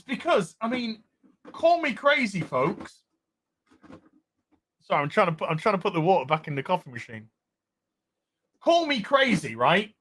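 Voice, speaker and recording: Ranting man, bright high voice. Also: normal speed, pauses often, no room sound, studio quality. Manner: animated, profane, sarcastic. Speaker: show host. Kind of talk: casual ranting commentary. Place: home kitchen.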